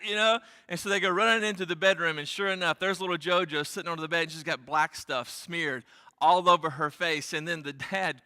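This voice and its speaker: A man's voice: a little high, fairly even intonation, a little fast, sharp tone. A man preaching a sermon as pastor, speaking earnestly and repeating key phrases for emphasis. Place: church sanctuary. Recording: long church hall reverb.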